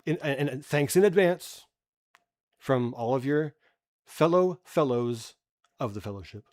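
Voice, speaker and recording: A man's voice: medium pitch, lively intonation, a little slow, noisy background. A man ranting bluntly and profanely in casual livestream commentary. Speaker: streamer.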